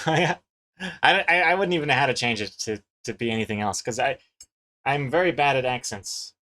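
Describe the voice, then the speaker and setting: A man's voice: medium pitch, normal speed, pushed and bright. Chatty man with a mixed Kiwi-American accent. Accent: mixed New Zealand and American. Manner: chatty, reads chat messages aloud, laughs easily. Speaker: webcomic artist and streamer. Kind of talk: casual live-stream chat while drawing.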